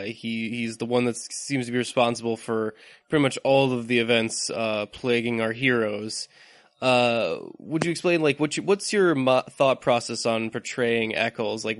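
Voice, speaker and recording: A man's voice: medium pitch, fairly bright tone, no echo. Enthusiastic male podcast host, dry sound. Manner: enthusiastic, quick to praise. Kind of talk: casual interview chat.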